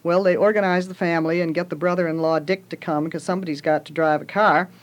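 A woman retelling a children's story in a relaxed way, with occasional fillers. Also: fairly low pitch, quick pace. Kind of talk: casual retelling of a children's book.

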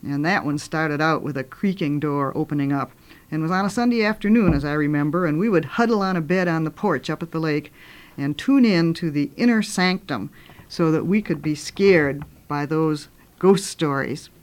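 An older woman who hosts radio and writes children's books tells ghost stories on air in a low-pitched voice at a moderate pace. Her delivery is animated and dramatic, swinging from sudden loud bursts to hushed moments.

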